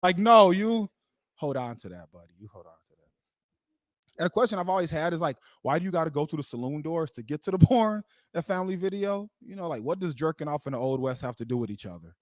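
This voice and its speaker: A man's voice: fairly high pitch, a little mellow, no echo. A man performing a live stand-up comedy set into a stage mic, rambling with lots of "like" and laughing at his own jokes. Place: live comedy show venue.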